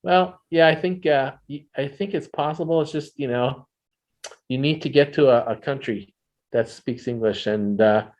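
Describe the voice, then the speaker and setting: American man explaining things, relaxed. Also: mid-range voice, moderate pace, lo-fi sound. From United States. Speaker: guest. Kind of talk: casual video call chat. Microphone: video call.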